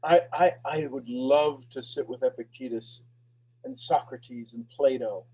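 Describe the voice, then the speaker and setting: A man hosting a live motivational talk, energetic and preachy, repeating questions and swinging between loud bursts and hushed lines. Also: mid-range voice, measured pace, husky, dull audio. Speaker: host of a motivational talk show.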